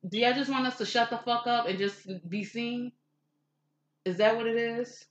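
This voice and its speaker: A woman's voice: fairly high pitch, steady tone, normal speed. Profane, fiery woman ranting. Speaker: podcast co-host. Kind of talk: heated rant on a podcast. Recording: roomy, dull lo-fi room sound.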